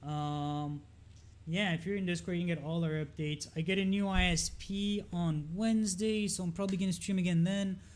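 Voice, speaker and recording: A man's voice: sits high, fairly even intonation, normal speed. Casual man musing over market charts. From Lebanon. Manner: loose, rambling, lots of fillers and repeats. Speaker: market analysis streamer. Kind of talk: casual live-stream chart commentary.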